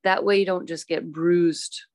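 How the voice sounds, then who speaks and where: A woman teaching a yoga class, calmly cueing poses and breaths with chatty asides. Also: on the low side, measured pace, dry recording. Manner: calm, instructive, chatty asides.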